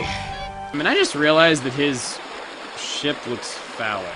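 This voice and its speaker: Excitable guy joking through a let's play, voice jumps all over, game music under it. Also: on the high side, measured pace. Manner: excitable and joking, bursts into loud exclamations. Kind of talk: casual gameplay commentary.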